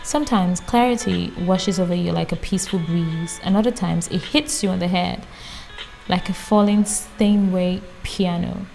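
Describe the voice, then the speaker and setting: A woman reading a book aloud in a calm, casual way, often stopping to add her own amused comments. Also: lowish voice, normal speed, creaky, faint music behind, rough recording. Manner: reads calmly, breaks off for amused personal comments. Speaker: audiobook reader. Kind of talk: casual read-aloud with chatty asides.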